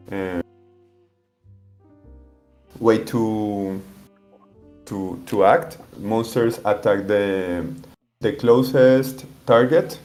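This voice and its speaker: A man's voice: lowish voice, a little mellow. A man being interviewed as a game designer, explaining the rules step by step with many restarts. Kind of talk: interview answers.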